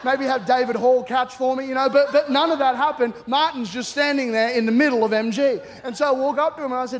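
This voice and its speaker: A middle-aged Australian man, guest-preaching a humorous sermon, speaks in a very high-pitched, brisk voice with hardly any pauses. He's animated and jokey, telling stories and energetically acting out the voices in them. It's recorded before a live congregation in a church auditorium, with the long reverb of a large hall.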